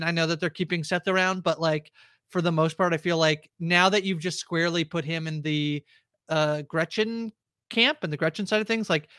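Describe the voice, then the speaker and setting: A man co-hosting a podcast in casual chat, rambling and halting with many fillers. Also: high-pitched, a bit bright, clear, resonant tone, no room sound, studio quality. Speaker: podcast co-host.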